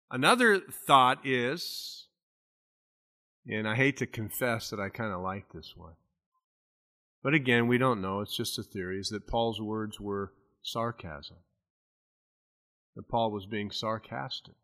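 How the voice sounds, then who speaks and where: A man's voice: medium pitch, a little slow, bright, forceful tone. A man preaching an expository sermon as pastor, explaining a Bible passage in a conversational way and lifting his voice when he reads scripture aloud. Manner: conversational Bible teaching with rising emphasis on scripture readings.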